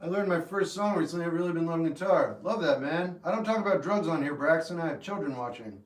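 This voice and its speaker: A man hosting a livestream who answers chat questions in a deadpan, laconic way, with short replies. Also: a little high, quick pace. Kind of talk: casual chat. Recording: echoey room with guitar behind.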